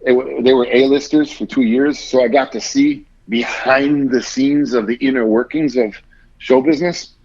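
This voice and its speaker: A podcast guest with a mid-range, slightly mellow voice tells a lengthy story at a moderate pace with fairly even intonation. He rambles, swears frequently, and voices other people's quotes. The audio's highs are cut off.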